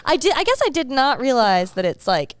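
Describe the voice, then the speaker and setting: A woman co-hosting a podcast in casual chat, trading jokey, quick banter. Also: sits high, very animated, slight background noise. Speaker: podcast co-host.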